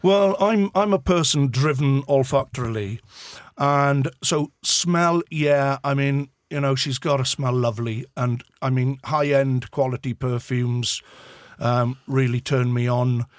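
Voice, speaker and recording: A man's voice: mid-range voice, measured pace, no echo, studio quality. Chatty Welsh man, Swansea accent. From Wales. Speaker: guest. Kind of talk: casual chat.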